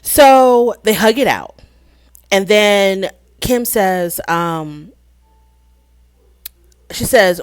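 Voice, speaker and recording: A woman recapping a reality show in casual commentary, opinionated and animated as she retells scenes. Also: medium pitch, drawn-out words, long pauses, clear, resonant tone, no echo.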